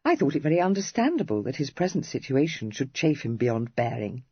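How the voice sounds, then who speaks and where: A woman's voice: extremely low pitch, sing-song, husky, no room sound, muffled recording, heavily acted. A narrator voicing Cressy, a witty, playful young woman of the Regency era, read in an audiobook. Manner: playful, teasing, quick-witted. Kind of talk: audiobook character reading.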